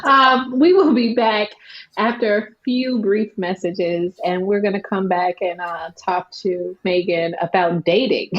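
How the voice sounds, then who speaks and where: A woman's voice: mid-range voice, fairly even intonation, unhurried. A woman hosting an interview show, friendly and a little hesitant, laughing often. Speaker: podcast host. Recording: dull lo-fi sound.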